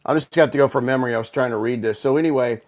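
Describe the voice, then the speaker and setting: A man's voice: medium pitch, very fast. A man from Houston, a guest author, telling a long story over a video call, rambling with frequent restarts and fillers. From Houston, United States. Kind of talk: casual storytelling interview.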